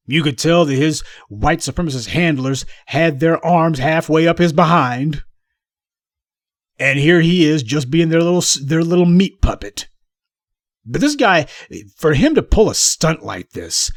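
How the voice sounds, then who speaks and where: A man's voice: on the high side, lively intonation, normal speed, dry recording, clean studio sound. A man giving a scornful, sarcastic commentary rant. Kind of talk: ranting commentary.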